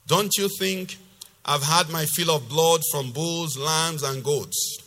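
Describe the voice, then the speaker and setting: Forceful pastor in a reverberant hall. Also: male voice, slow pace, faint music behind. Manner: reads scripture loudly and forcefully, then explains in a lower conversational voice. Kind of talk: sermon with scripture reading. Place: church hall. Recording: long reverb of a church hall.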